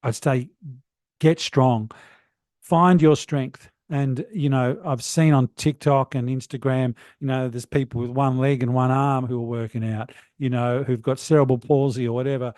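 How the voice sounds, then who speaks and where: A middle-aged man coaches in a motivational, rambling way on a podcast. His voice is mellow and relaxed. He is recorded dry over a remote call mic. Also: mid-range voice, normal speed, few pauses, no echo. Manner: earnest, rambling, many "you know" fillers. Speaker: guest, wellness coach.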